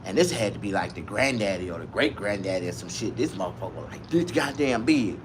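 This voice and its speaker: A man telling a comic story in a profane, rambling, animated way. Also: on the low side, fast, background noise.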